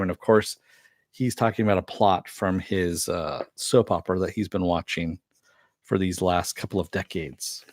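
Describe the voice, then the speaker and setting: Male reviewer, lower register, loose chatty recap with filler words, dry close mic. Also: dry recording. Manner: rambling with many fillers and quoted lines. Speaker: TV episode reviewer. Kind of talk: casual recap narration.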